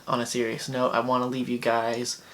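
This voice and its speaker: Young male comic host, dry deadpan storyteller, mid-range voice, light noise floor. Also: medium pitch, brisk. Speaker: comedian host. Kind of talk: comedic storytelling monologue.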